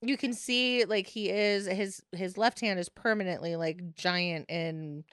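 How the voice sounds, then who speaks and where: A woman's voice: medium pitch, measured pace, fairly bright tone, clean tone, no echo, studio quality. A woman co-hosting a casual movie podcast, making wry remarks. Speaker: podcast co-host. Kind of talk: casual movie-review chat.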